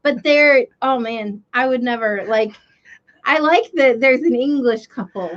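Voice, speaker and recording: A woman's voice: fairly high pitch, measured pace. Chatty woman on a lo-fi stream. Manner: chatty, candid, laughs often. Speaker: livestream co-host. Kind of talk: casual chat. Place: home livestream. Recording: slightly dull lo-fi stream audio.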